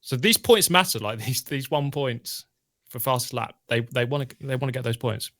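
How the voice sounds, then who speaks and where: A man's voice: mid-range voice, moderate pace, a bit bright. A man co-hosting a live stream, chatting casually over a race and reading viewer tweets. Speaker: stream co-host. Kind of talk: casual live race watch-along chat.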